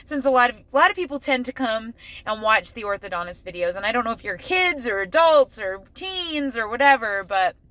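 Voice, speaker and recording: A woman's voice: fairly high pitch, expressive, a little fast, sharp tone, dry recording. A middle-aged woman talking casually to camera in a family vlog, chatty and emotional, full of "like". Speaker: family vlogger. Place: in her car, then at home.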